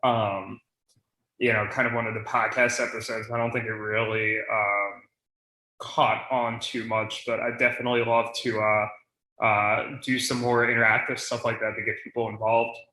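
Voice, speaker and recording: A young man with a bright, forceful voice talks through league rules in easygoing podcast chat. He leans on "you know" and "um" as he thinks aloud, and the room around him rings with echo. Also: lowish voice, level tone, normal speed. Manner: many fillers, thinks aloud. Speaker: podcast co-host. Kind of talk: casual fantasy league chat.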